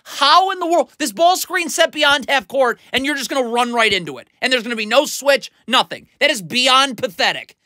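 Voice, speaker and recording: A man's voice: extremely high pitch, lively intonation, moderate pace, few pauses, pushed and bright, no room sound. A man doing a blunt, exasperated video breakdown of basketball defense, scolding the players as he talks. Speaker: basketball film analyst.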